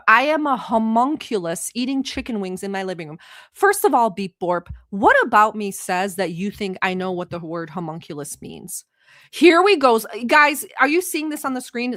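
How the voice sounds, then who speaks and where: Reacting to videos on a relaxed livestream, a woman from the Middle East, English not her first language, chats teasingly and talkatively with her viewers. Her voice is mid-range and a bit bright, captured dry with clean studio quality.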